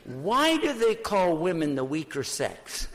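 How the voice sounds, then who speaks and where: An older man delivers a sermon as a personal story. His voice sits a little high and swings between animated, quick telling and low, hushed prayer. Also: background noise.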